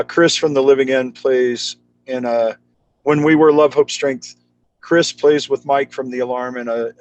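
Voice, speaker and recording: Animated man telling road stories. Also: medium pitch, poor audio. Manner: animated, slangy, acts out quoted people. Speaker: guest, charity founder. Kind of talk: casual storytelling chat.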